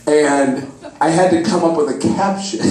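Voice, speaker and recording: A man doing stand-up storytelling in a comedy club, excitable and profane, acting out the voices of the people in his story. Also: a little high, takes it slowly. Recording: echoey club, mic heard from a distance.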